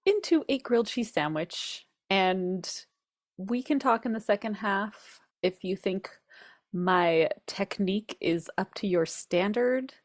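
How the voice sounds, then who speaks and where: A woman's voice: mid-range voice, slow pace, dry recording, clean studio sound. A middle-aged woman co-hosting a cooking podcast in casual chat, chatty and laughing often. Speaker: podcast co-host.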